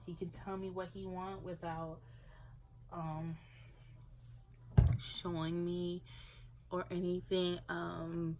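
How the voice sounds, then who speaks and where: A young woman with a somewhat low voice talks casually to her camera at home. She rambles and leans on filler words as she goes. A faint hiss of room noise sits under her voice. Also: poor audio. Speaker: parent vlogger.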